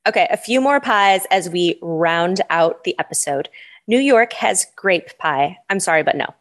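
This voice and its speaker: A woman's voice: fairly low pitch, expressive, moderate pace. A woman co-hosting a podcast in a casual, chatty way, easily amused. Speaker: podcast co-host. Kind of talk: casual chat.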